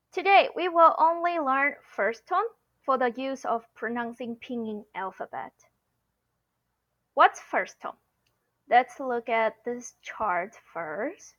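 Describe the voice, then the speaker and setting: Lady teaching in english, slow patient steps, kinda muffled lo-fi sound. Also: on the high side, fairly bright tone. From Taiwan. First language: Mandarin. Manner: patient, explaining step by step with frequent "okay?". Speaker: Mandarin teacher. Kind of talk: online language lesson.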